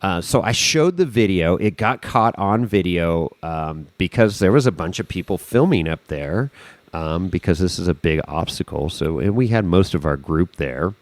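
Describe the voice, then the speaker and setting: A man, a podcast guest, telling a story in a casual, animated way, swearing freely and acting out the scene. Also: deep voice, normal speed, no echo.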